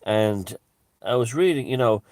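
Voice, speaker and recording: An Irish man talking in a rambling, digressive casual monologue, halting with frequent restarts and asides. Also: medium pitch, animated, a little mellow, no room sound, clean studio sound. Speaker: vlogger.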